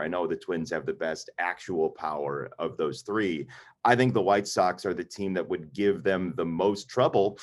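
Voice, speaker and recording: A man with a lowish voice chats casually about baseball as a guest. He talks in an animated, jokey way, often tripping over repeated words. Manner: animated, stammering restarts, jokey. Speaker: guest, White Sox broadcaster. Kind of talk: casual sports chat.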